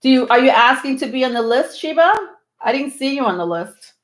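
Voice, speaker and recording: A woman's voice: sits high, animated, fairly quick. A woman hosting a live tarot stream, talking to viewers in a rambling, reassuring way with many ums. She sounds a little out of breath. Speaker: tarot reader hosting a livestream. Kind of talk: live tarot reading, casual chat to viewers.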